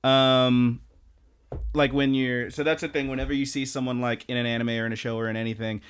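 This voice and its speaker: A man's voice: mid-range voice, brisk, clean tone. Laughing man recapping scenes. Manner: animated recapping, acts out characters' lines, laughs often. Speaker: podcast co-host. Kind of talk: casual podcast chat.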